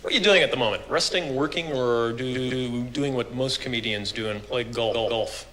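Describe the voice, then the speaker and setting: A man's voice: mid-range voice, moderate pace, a bit bright, a little hiss or hum, natural voice, poor audio. An actor playing a smug, stuttering computer-generated male talk show host who punns and brags, with a glitchy, repeating delivery. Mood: teasing. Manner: cheeky, punning, self-important.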